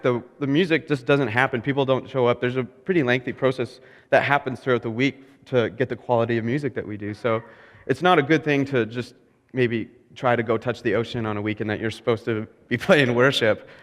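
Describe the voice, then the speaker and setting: A young male pastor tells a story from the pulpit, candid and quick to laugh at his own choices. His mid-pitched voice rings out with a long hall reverb, as if in a church sanctuary on a stage mic. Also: fairly bright tone. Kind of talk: storytelling sermon.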